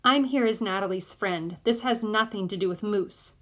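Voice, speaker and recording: A woman's voice: medium pitch, normal speed, lightly acted. A woman voicing an outspoken young girl who announces things plainly. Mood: brash. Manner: brash, announcing.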